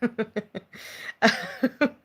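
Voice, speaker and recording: Speaking very slowly with a sharp tone, a female channel host reads viewer comments aloud in a casual live-stream chat, giggling often.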